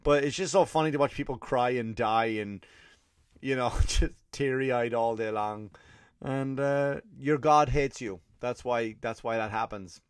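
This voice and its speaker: Sarcastic Irish comedian, rambling solo talk. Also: male voice, medium pitch, measured pace, clean tone, no echo, studio quality. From Ireland. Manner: sarcastic, rambling, profane, with frequent restarts. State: scratchy throat. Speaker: comedian podcast host. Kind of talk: casual solo comedy monologue.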